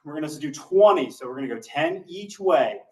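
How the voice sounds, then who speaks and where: A male instructor leads a seated workout, counting each repetition in an upbeat, encouraging voice. His voice sits a little high, he is slightly out of breath, and he sounds a bit away from the microphone. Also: lively intonation, fairly quick, warm tone, distant mic, poor audio. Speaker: exercise instructor. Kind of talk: leading a seated exercise class.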